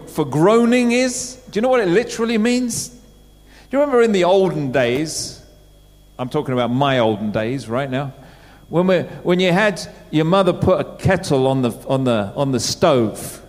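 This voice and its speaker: A man's voice: a little high, lively intonation, moderate pace, a little mellow. A middle-aged man preaching a sermon in church, talking in a conversational way and putting questions to the congregation. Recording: church hall with long reverb.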